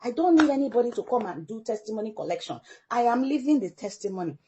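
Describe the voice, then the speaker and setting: A middle-aged woman from Africa, a parent guest in an interview, telling a story with animated delivery and acting out the people she quotes. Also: on the high side, quick pace. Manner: animated storyteller who acts out quoted dialogue.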